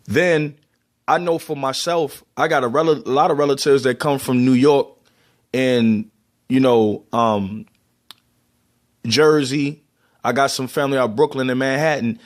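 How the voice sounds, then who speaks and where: A man's voice: mid-range voice, steady tone, a little slow. A man from Baltimore with a Baltimore accent, casually explaining and demonstrating how words are pronounced, with loose restarts. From Baltimore, USA. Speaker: vlogger.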